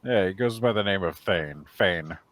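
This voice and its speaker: Deep-voiced male tabletop player. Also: lively intonation, moderate pace, a bit bright. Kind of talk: in-character tabletop play.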